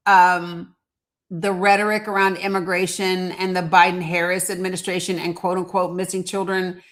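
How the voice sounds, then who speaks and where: A woman's voice: fairly low pitch, fairly bright tone. A woman hosting a commentary monologue, talking in a heated, blunt way, swearing and reading quotes aloud. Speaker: host.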